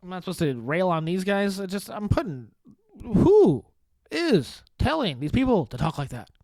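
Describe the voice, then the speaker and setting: A man with a slightly high voice riffs alone on his podcast, sarcastic and deadpan, tripping over restarts and swearing freely. The mic sits close and the sound is dry, with no room around him. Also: brisk, no echo. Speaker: podcast host. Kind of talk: sarcastic solo comedy podcast monologue.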